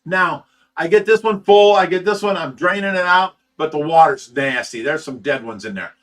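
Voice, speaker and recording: Telling a story on his livestream, the fish rescue operator sounds sleep-deprived. His voice sits on the high side and a bit bright, moving at normal speed, and he swears heatedly while tripping over repeated words.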